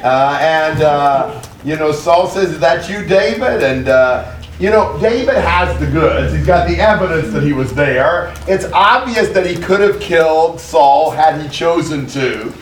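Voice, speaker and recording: A man's voice: fairly high pitch, unhurried. A man leading a Bible study group, explaining a passage in a loose, conversational way with many fillers. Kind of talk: casual Bible study discussion. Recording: echoey room, far from mic.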